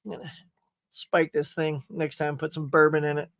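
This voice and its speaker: Man, live stream host, casual rambling chat, joking asides, higher pitch, dry sound. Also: level tone, moderate pace, a bit bright, no echo. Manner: chatty, rambling, jokey, reads viewer comments aloud. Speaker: host of a live morning pop-culture stream.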